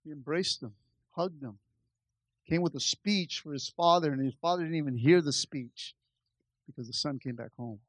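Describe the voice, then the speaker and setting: Fervent high-voiced male preacher, dry sound. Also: moderate pace, dry recording. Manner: fervent, repeats calls to the congregation. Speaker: pastor. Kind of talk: sermon. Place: church service.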